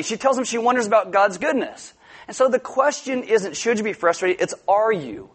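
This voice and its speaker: A male pastor preaching a sermon to his congregation in a joking, conversational way, with sudden loud outbursts. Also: high voice, expressive, a little fast. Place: church before a congregation.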